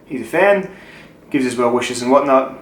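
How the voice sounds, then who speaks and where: A man's voice: mid-range voice, animated, moderate pace. A young Australian man answering viewer questions in a loose, joking way, swearing freely. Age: young adult. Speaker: channel host. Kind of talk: casual Q&A chat. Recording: echoey room with faint noise.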